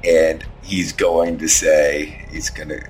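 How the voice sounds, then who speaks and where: A man's voice: extremely low pitch, level tone, slow, faint music behind. A man running a tabletop game as game master, narrating the action in an easygoing way. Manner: easygoing, descriptive, laughs often.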